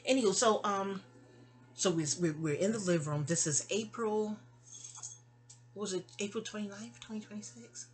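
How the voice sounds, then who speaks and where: A woman's voice: mid-range voice, moderate pace, long pauses, faint music behind. Middle-aged woman vlogger, casual storytelling, rambling and digressive, recorded on a phone at home. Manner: rambling, digressive and chatty, with asides.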